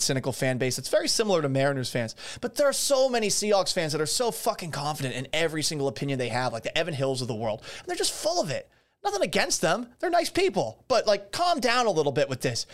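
A man's voice: a little high, fairly bright tone. A man hosting a solo sports podcast, sarcastic and swearing freely, often laughing at his own jokes. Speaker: podcast host. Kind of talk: casual solo sports talk.

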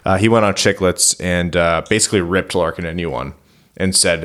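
Low-voiced man chatting sports casually. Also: a little fast, a bit bright. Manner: rambling, filler-heavy, laughs often. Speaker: podcast co-host.

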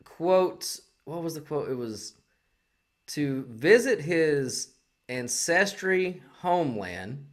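A man's voice: on the high side, big pitch swings, takes it slowly. A man co-hosting a podcast, riffing sarcastically in crude casual banter. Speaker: podcast co-host.

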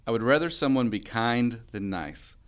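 A man co-hosting a casual newsroom podcast chat, chatty and quick to laugh. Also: mid-range voice, expressive. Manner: fast, chatty, laughs often. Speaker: podcast co-host, TV news reporter.

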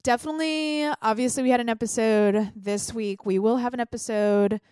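A woman's voice: on the high side, fairly even intonation, brisk, darkish tone, clean tone, no room sound, studio quality. A woman hosting a solo podcast, chatty and blunt, with a voice congested from a sinus infection. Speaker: podcast host. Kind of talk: solo political podcast commentary.

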